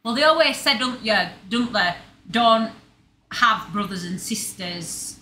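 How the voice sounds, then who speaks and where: A woman's voice: a little high, lively intonation, unhurried, bright, forceful tone. A woman chatting casually at home, in a broad dialect full of restarts. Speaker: co-host. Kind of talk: casual chat. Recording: echoey room, faint ambient noise.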